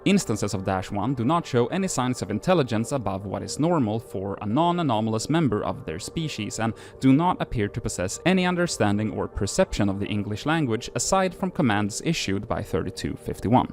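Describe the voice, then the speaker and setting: Low-voiced man reading eerie entries. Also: very animated, a little fast, hardly any pauses. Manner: casual, self-deprecating, filler-heavy asides. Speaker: host reading entries aloud. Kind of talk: reading archive entries with casual asides.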